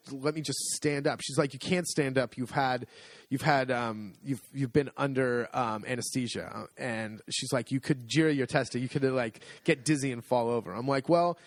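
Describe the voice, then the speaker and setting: A middle-aged man telling a story in a casual chat, animated and amused, acting out the lines of the people in it. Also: mid-range voice, dry recording. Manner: animated, amused storytelling with restarts and acted-out quotes. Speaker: podcast co-host.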